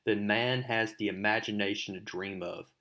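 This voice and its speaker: A man's voice: fairly low pitch, steady tone, normal speed, sharp tone. An arrogant male supervillain makes threats, as a man reading a comic aloud puts him on. The voice stays close to the reader's own ordinary tone. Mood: menacing.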